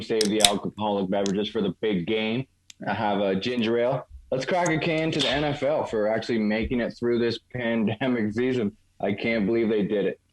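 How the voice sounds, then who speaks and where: A man's voice: on the low side, darkish tone, poor audio. A man co-hosting a casual sports chat show, easygoing and rambling with frequent restarts. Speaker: co-host.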